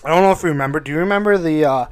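A young man who is a guest in a casual gaming chat, telling excitable, sweary stories and saying "dude" a lot. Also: on the high side, racing, clean tone.

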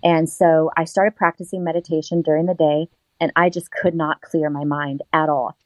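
A woman telling a personal story in an interview, animated and laughing often as she acts out what she said at the time. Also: deep voice, moderate pace, dry recording, rough recording. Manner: animated, laughs often, acts out her own past lines. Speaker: guest.

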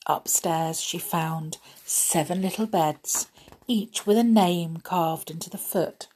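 A woman reads a children's story aloud in a gentle, soothing manner, as host of her own story show. Her voice is soft and breathy, and she takes her time with each phrase. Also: lowish voice, takes it slowly. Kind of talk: storybook reading to listeners.

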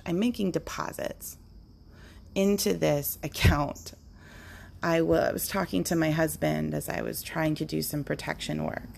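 A woman's voice: low-pitched, gravelly. A middle-aged woman hosting a podcast, talking through her thoughts unscripted in an earnest, musing way, now and then slipping into playful quoted voices. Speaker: podcast host. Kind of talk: unscripted reflective monologue.

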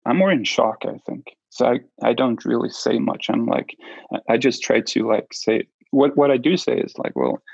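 A man with a gravelly, slightly husky voice, speaking haltingly with frequent restarts and fillers as he recounts a personal story in an interview. The sound is dull and lo-fi, with a dry, close feel. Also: medium pitch, a little mellow, no room sound. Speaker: interview guest.

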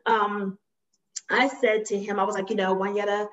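A woman telling a personal story on a podcast in a casual, animated way, acting out quotes and laughing often. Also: mid-range voice, moderate pace. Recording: slightly dull lo-fi sound.

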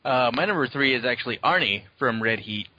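Joking guy on a podcast, really animated voice, kinda muffled. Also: medium pitch, fairly quick, slight background noise. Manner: joking, laughing. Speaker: podcast co-host. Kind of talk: casual chat. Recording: slightly dull recording.

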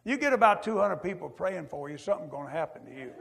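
A preacher's testimony in a high, gravelly voice, his folksy drawl carrying a long echo off the hall. He swings from loud to hushed and keeps tossing in "amen.". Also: lively intonation, fast talker. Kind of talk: testimony sermon. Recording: echoey hall.

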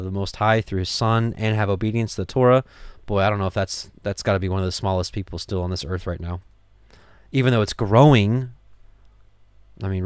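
A man's voice: lowish voice, smooth, no room sound. A man reading scripture aloud and explaining it in an earnest, conversational way, full of restarts and asides to the listener. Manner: earnest, conversational, many restarts and "you know". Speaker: Torah teacher. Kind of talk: scripture reading with sermon-like commentary.

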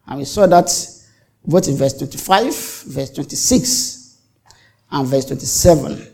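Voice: medium pitch, unhurried, gravelly, darkish tone. A pastor preaching a sermon, repeating and restarting phrases for emphasis and acting out the exchanges he tells. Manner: dramatic, acts out the quoted exchanges.

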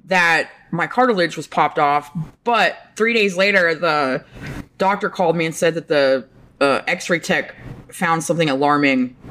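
A fairly low-voiced woman tells a rambling, swear-filled story on a casual podcast. She talks loosely and animatedly, with plenty of cursing. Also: a bit bright, slight background noise. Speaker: podcast host. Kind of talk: casual chat.

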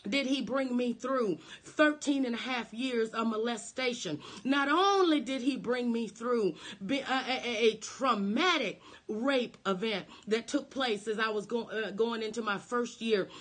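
A woman preacher with a rather high voice delivers a fervent sermon. She repeats phrases in a rising, rhythmic cadence and checks in with the room with frequent "right?" tags. When she quotes Jesus, she drops into a soft, low voice. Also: a little slow, hardly any pauses.

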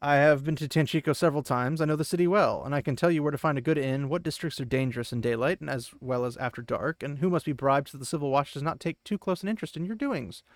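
Courtly old minstrel, male, eager to please, read by a man, slightly high pitch. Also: fast, hardly any pauses, dry recording, clean studio sound, lightly acted.

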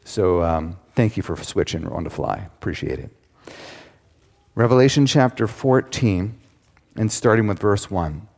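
A man's voice: on the low side, lively intonation, unhurried, darkish tone. A man teaching a Bible study to a live audience, in a conversational way with asides to the listeners. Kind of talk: sermon-style Bible teaching. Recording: long hall reverb.

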